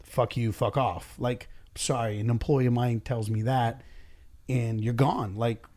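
A man's voice: medium pitch, steady tone, a little slow, a little mellow. This is a man who owns a business, chatting in a casual, blunt way. He curses freely and acts out snippets of conversations to make his point. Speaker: business owner and boss. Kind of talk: casual podcast chat.

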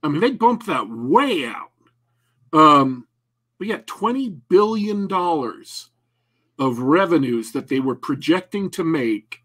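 Husky rambling man, joking chat. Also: fairly high pitch, fairly bright tone. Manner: rambling, joking, many restarts. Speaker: podcast co-host. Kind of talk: casual chat.

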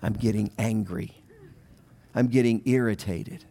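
A middle-aged man, a pastor, preaching a sermon in a relaxed storytelling way, with asides and questions to the listeners. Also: mid-range voice, a little slow. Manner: conversational storytelling with asides to the audience.

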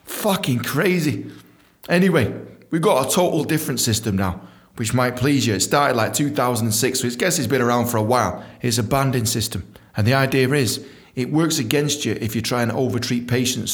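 Animated man telling stories. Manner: animated, swears freely, acts out quotes in high voices. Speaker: podcast host. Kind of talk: storytelling podcast.

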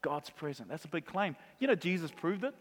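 High-voiced man preaching in a reverberant hall. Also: brisk. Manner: animated, acts out voices of crowd and Jesus. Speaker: pastor. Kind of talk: sermon. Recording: long reverb of a large hall.

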